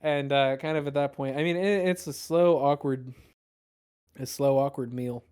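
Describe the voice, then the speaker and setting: A man's voice: mid-range voice, normal speed, darkish tone, clear, resonant tone. A man narrating a tabletop game as dungeon master, rambling with many fillers.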